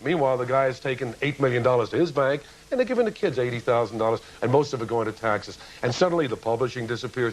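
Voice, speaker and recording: A man's voice: medium pitch, fast, hardly any pauses, a little hiss or hum, low-quality recording. A man giving an impassioned, lecturing speech as a guest on a television talk show, full of rhetorical questions. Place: TV studio with audience.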